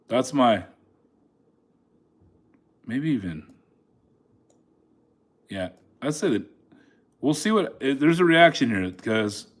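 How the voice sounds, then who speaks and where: A man talks through his trades as they happen, in a relaxed voice of medium pitch. He chats at the chart on the screen and laughs now and then. It sounds like a phone held in his hand. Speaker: day trader streaming live trades. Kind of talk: casual live trading commentary.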